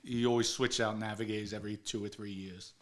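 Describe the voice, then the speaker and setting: A man's voice: lowish voice, flat delivery, quick pace. A man in his forties telling a story casually, swearing freely and acting out what others said. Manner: profane, acts out quoted dialogue. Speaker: guest storyteller.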